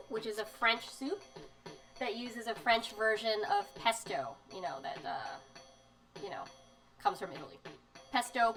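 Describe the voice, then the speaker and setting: A woman's voice: mid-range voice, poor audio. A woman chatting casually on a live stream, reading magazine bits aloud with lots of fillers and emotional asides. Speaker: streamer showing zines. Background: soft music.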